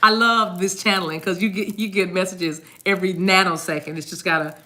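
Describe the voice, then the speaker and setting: A woman talks through a tarot reading in a loose, rambling way, circling back and repeating herself as she goes. Her voice is bright and forward. She speaks casually and addresses viewers directly. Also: fairly low pitch, steady tone, brisk. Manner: chatty, rambling, repeats words, sings snatches of songs. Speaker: tarot card reader.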